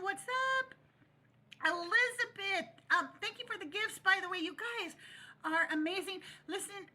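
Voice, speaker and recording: A woman's voice: high-pitched, bright, forceful tone. A woman hosting a live call-in stream, talking bluntly and casually while chewing gum. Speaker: livestream host.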